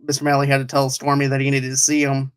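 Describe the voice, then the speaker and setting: A man's voice: medium pitch, monotone, quick pace, clean tone. A man hosting a podcast in casual chat, rambling and restarting his sentences with frequent chuckles. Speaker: podcast host.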